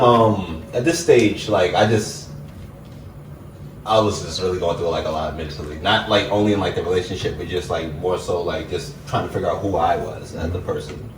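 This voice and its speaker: A young man, an interview guest telling a personal story in a relaxed, reflective way, full of "like" fillers. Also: deep voice, normal speed, recorded from a distance. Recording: echoey room, mic set back, faint hiss.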